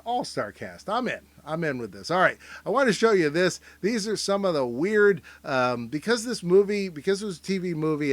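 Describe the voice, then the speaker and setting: A man rambling through a jokey commentary as host, his voice a bit higher than most men's. The sound is dry and close, with no room echo. He drifts between bright asides and quiet, mumbled trailing-off remarks. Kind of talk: casual comedic commentary.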